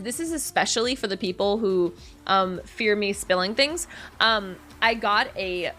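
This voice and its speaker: A young woman chats casually while streaming a cozy game, giggling through a story and poking fun at herself. Her voice sits at an ordinary middle pitch. Soft game music plays faintly underneath. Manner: chatty storyteller, giggly and self-mocking.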